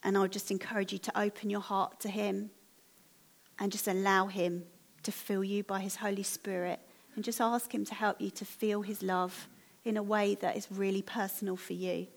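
A woman preaching a sermon in a church, speaking in a gentle, earnest and encouraging way. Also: mid-range voice, little pitch movement, normal speed, vocal fry. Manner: gentle, earnest, encouraging appeal with soft laughs.

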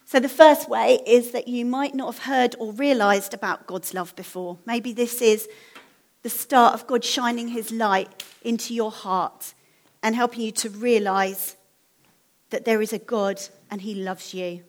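A woman preaching a sermon in a church, speaking in a gentle, earnest and encouraging way. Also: a little high, fairly even intonation, measured pace. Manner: gentle, earnest, encouraging appeal with soft laughs.

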